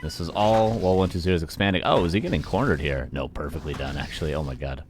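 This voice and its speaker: A man's voice: extremely low pitch, quick pace, noisy background. A man casting a live strategy game match, chatty, talking to his chat and laughing at himself. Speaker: esports caster. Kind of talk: live play-by-play game commentary. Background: game music and sound effects.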